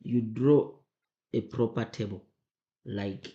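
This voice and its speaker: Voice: medium pitch, slow pace, warm tone, muffled recording. Emphatic teacher, roomy sound. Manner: emphatic, repeats questions to students. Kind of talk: exam revision lesson. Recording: roomy echo.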